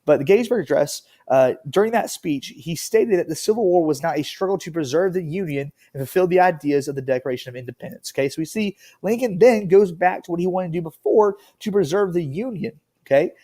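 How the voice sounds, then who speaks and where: A man's voice: high-pitched, animated, brisk, hardly any pauses, warm tone. A man teaching a history lesson in a casual, rambling way, with lots of fillers and frequent "okay?" check-ins. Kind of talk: classroom lecture.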